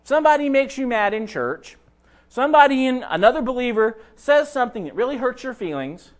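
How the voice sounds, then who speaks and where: Preacher, high bright voice that swings a lot, plainspoken and direct with the congregation. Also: male voice, sing-song, fairly quick. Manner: conversational, addresses listeners directly. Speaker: pastor. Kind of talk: sermon.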